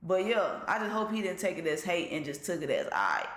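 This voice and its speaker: A laid-back man chats through a reaction video in slangy, casual commentary. His voice is bright and forward. The sound is roomy, with noticeable echo around him. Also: sits high, quick pace.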